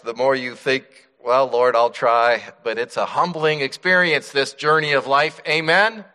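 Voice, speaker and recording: A middle-aged male pastor preaching a sermon, dropping to soft hushed tones and then rising with emphasis. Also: mid-range voice. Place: church sanctuary. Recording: church hall reverb.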